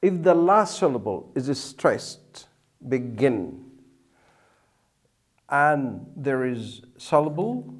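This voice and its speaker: A male teacher explains grammar slowly and deliberately, repeating key words. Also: fairly high pitch, big pitch swings. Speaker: English teacher. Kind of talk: explaining at a whiteboard.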